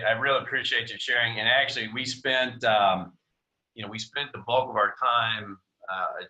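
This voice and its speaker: A man hosts a team video call with a low, strikingly bright and forceful voice. He rambles, repeats words and leans on fillers. His talk comes through a video call. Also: lo-fi sound. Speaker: host.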